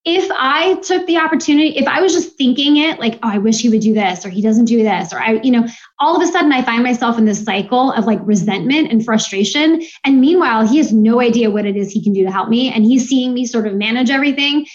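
Higher-voiced woman, earnest and reflective. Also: dull audio. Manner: earnest, reflective storytelling with many fillers. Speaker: podcast guest. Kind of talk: casual interview chat.

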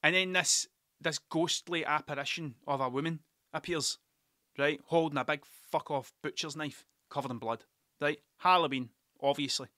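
A man rambles through a story, swearing freely and laughing at his own tales. His voice sits a bit high and sounds bright and forceful. The recording is dry and close, with no room sound. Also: moderate pace, dry recording. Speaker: podcast host. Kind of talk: casual storytelling monologue.

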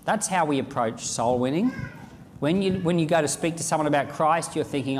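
A man preaching a sermon, reading scripture aloud and acting out the lines of imagined speakers in an animated way. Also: fairly high pitch, a little fast, in a large hall, slight background noise.

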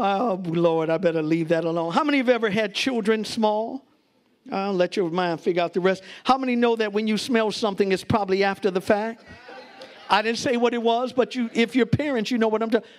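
A pastor preaching to his congregation in a very high voice. He rises to shouted peaks, laughs often and talks straight to the people in the pews. He is a middle-aged man delivering a lively sermon. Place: church before a congregation.

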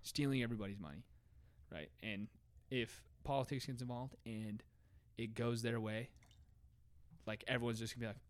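Young guy ranting loose and sweary in a podcast chat, dry close sound, middle pitch. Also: normal speed, no echo. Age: young adult. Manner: animated, swearing, slangy, jumps up in pitch when worked up. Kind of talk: casual chat.

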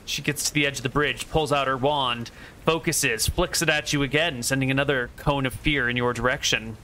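A man's voice: mid-range voice, fairly even intonation, fairly quick, pushed and bright. A man narrating a tabletop game as game master, with a dry, teasing manner.

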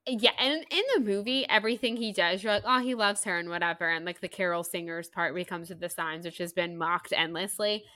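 A woman co-hosting a casual podcast about books and movies, animated, laughing often and slipping into playful impressions. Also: fairly low pitch, brisk, hardly any pauses, dry recording. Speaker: podcast co-host.

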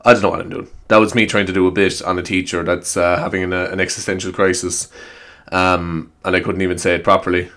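An Irish-accented man hosts his solo podcast on a new microphone, his voice deep, level, brisk and a bit bright. He chats casually, rambling and poking fun at himself, with frequent swearing.

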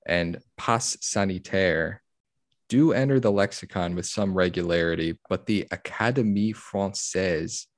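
A man's voice: deep voice, a little slow, no room sound, studio quality. A man co-hosting a podcast, casually reading a news article aloud with a laid-back, giggly manner and many fillers. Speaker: podcast co-host.

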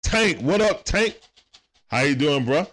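A man's voice: fairly high pitch, sing-song, takes it slowly, background noise. A man doing casual play-by-play commentary on a live stream. He talks in slang, greets viewers by name, and speaks into a phone.

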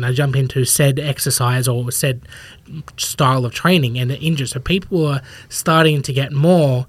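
The guest here is a male fitness professional whose mid-range voice moves at a moderate pace, recorded with no echo. Chatting casually on a podcast, he rambles and plays out what people think in little quoted bits.

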